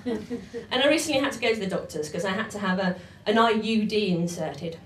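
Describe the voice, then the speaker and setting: A woman with a fairly quick, mid-range voice performs live stand-up and performance poetry on a comedy club stage, brash, bawdy and punchy. The recording is echoey and distant, with a little hiss or hum.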